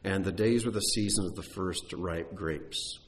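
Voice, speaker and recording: A man's voice: sits low, measured pace. A man teaching on Bible texts, explaining in a conversational way with occasional fillers.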